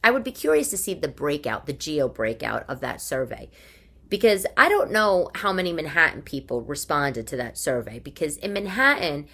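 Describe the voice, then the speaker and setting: Woman, New York accent, forties, chatty, exasperated, repeats herself, somewhat low pitch. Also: big pitch swings, moderate pace, pushed and bright. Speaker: podcast host. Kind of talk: casual monologue. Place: living room.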